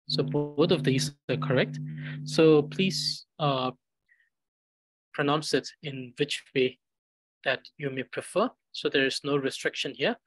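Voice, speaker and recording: Male language teacher, unhurried, dry close sound, drills syllables patiently. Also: a little high, breathy edge, no echo, rough recording. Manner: slow, patient, repeats syllables for practice. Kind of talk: pronunciation lesson.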